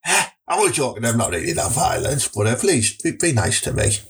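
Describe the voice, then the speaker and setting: A man's voice: mid-range voice, big pitch swings, brisk. A man with a Teesside accent answering viewer questions in a rambling, crude, joking way. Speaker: comedy vlogger. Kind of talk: casual comic Q&A.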